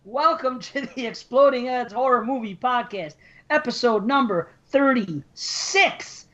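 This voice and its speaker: A man co-hosting a podcast, excitable and out of breath, joking and swearing in casual chat. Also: extremely high pitch, a little slow, muffled recording. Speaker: podcast co-host.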